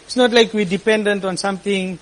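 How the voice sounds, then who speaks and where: Male storyteller, high pitch, lively delivery that acts out the dialogue. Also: fairly quick, low-quality recording. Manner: animated, quotes people in lively voices. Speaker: speaker telling a personal story. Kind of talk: storytelling talk to an audience.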